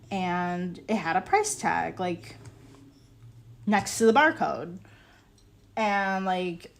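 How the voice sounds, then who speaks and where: Working on ceramics during a stream, a young woman with a mid-range voice tells a story in animated, casual chat. She's exasperated and incredulous, saying "like" a lot and bursting into laughter.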